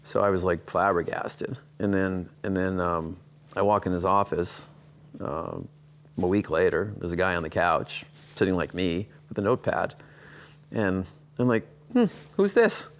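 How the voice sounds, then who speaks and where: A man in his sixties with a low voice tells stories in a sit-down interview. He acts out the quoted dialogue, and his voice leaps upward on the exclamations. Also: normal speed. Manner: animated anecdotes, acting out quoted dialogue with big jumps in pitch. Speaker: interview guest.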